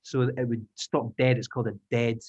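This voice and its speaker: An English teaching trainer with a mid-range, darkish voice keeps a level tone and moderate pace. Leading an online language-teaching taster session, he stays upbeat and encouraging, taking learners through sounds step by step over muffled video-call audio.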